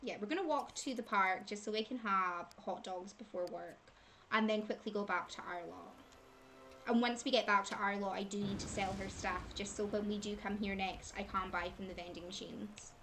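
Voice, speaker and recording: A woman's voice: mid-range voice, moderate pace, a bit bright, a little hiss or hum. A woman giving casual commentary while playing a life-simulation game, chatting to her characters and laughing often. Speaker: gaming channel host.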